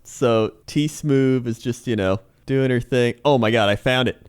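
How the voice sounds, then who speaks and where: A man's voice: mid-range voice, unhurried, smooth. A man co-hosting a podcast, telling a story in casual chat, mimicking voices and laughing often. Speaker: podcast co-host.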